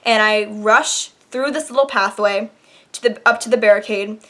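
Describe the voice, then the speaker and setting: A young woman vlogger telling a dramatic personal story in an animated, casual way. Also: mid-range voice, moderate pace. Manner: animated, dramatic retelling with laughs. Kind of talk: storytime vlog.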